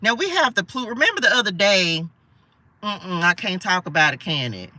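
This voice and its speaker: A woman's voice: mid-range voice, big pitch swings, normal speed, sharp tone. A woman giving a live tarot reading, chatty and playful, talking straight to her viewers and laughing often. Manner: laughs often, asides to spirits. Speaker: spiritual tarot reader. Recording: voice a bit far from the mic.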